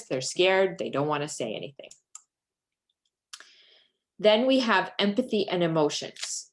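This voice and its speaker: Woman trainer, deep-ish voice, calm step by step teaching with example lines. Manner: patient, explains step by step with example phrases. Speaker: palliative care trainer. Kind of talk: live teaching session.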